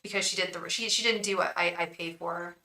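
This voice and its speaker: Woman tarot reader, rambling and chatty, crisp bright tone, talking straight to viewers on a livestream. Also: fairly low pitch, fairly even intonation, fast, rough recording. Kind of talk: casual livestream chat.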